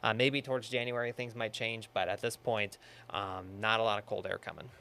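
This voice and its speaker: A young man, a TV meteorologist chatting casually about the weather in a news studio, relaxed with lots of fillers. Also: on the low side, brisk, creaky, a little hiss or hum. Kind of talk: casual on-air weather chat.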